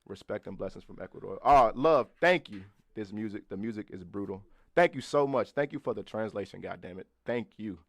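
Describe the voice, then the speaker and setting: A young man in his twenties rattles off casual podcast talk at a quick clip, loose and profane, often laughing and calling out to his live chat. His voice sits fairly low, and the sound is dry and close, with little room around it. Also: lively intonation, no echo. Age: 20s. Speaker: podcast co-host.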